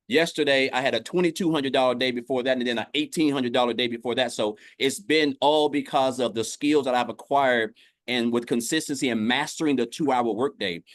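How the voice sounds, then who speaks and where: A Tennessee man with a medium-pitched voice joins an online business livestream video call as a guest. He gives an upbeat, casual testimonial, repeatedly saying "guys" and often restarting his phrases. The recording is dry, with clean studio sound.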